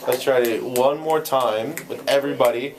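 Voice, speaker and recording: A young man with a slightly hoarse voice, coaching a trumpet section in rehearsal. He sings the rhythms to demonstrate and counts the players in. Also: mid-range voice, moderate pace, slight background noise. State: voice going hoarse. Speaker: ensemble conductor. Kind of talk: rehearsal instruction. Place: band rehearsal room. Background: trumpets playing.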